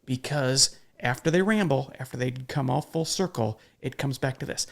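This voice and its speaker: A man's voice: medium pitch, moderate pace, gravelly, few pauses. A man hosting a podcast in casual conversation, talking emphatically and bluntly, with the odd swear word. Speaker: podcast host.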